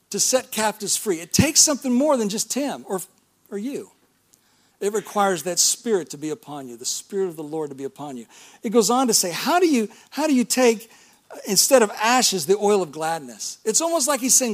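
A man's voice: high voice, big pitch swings, moderate pace. A middle-aged male pastor preaching a sermon in a church, talking in a conversational way with rhetorical questions and calls of amen.

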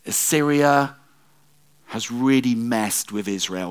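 Animated, wry male preacher. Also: mid-range voice, measured pace, clean tone. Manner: conversational storytelling with wry asides. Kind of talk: sermon.

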